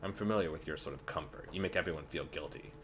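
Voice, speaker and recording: A man's voice: extremely low pitch, quick pace, fairly bright tone, a little hiss or hum. A man reading aloud the lines of an earnest, troubled young male doctor in a game. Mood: urgent. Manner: reads game dialogue aloud, urgent.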